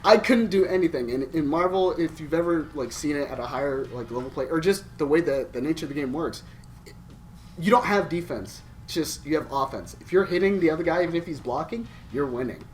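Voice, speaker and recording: A man's voice: fairly high pitch, expressive, a little fast, slight background noise. A man co-hosting a podcast, telling a gaming story in casual chat, swearing and laughing as he goes. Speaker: podcast co-host.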